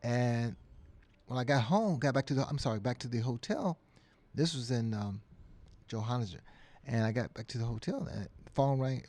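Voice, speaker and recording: Older man, interview guest, animated storyteller, acts out quotes, mid pitch. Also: normal speed. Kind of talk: casual interview chat.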